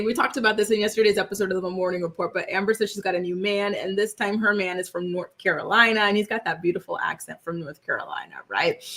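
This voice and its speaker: A woman's voice: mid-range voice, fairly bright tone. A young woman hosts a casual celebrity gossip livestream, talking straight to her viewers. She is chatty and emphatic and keeps asking "right?" as she reacts to chat comments.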